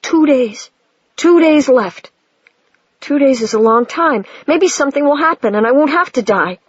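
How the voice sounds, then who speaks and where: A reader lifts the voice high for a young girl wizard in humpback whale form, earnest and quick to turn fierce. The voice sits well above the reader's own, in a dull, dry lo-fi recording. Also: animated, dry recording. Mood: despairing. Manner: earnest, pleading, turning fierce.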